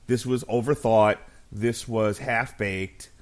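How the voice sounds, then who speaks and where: A man's voice: on the low side, steady tone, slow. A man in his thirties co-hosting a podcast, chatting casually and telling stories with plenty of swearing and jokes. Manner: profane, storytelling, jokey. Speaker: podcast co-host. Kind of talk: casual chat.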